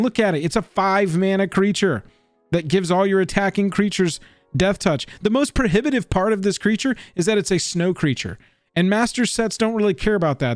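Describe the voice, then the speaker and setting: A man co-hosting a casual chat about card prices, animated and joking in his asides. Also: sits high, no echo. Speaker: co-host.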